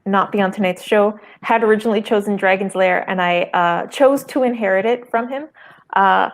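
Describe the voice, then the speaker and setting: A woman comedian on a comedy game show, making a wry, deadpan pitch with dry asides. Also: normal speed. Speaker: comedian panelist and co-host.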